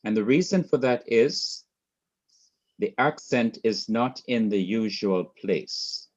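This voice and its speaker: A man's voice: fairly low pitch, expressive, slow, dull audio. A man teaching a class, explaining step by step, repeating his points and quizzing a student. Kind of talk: class lecture.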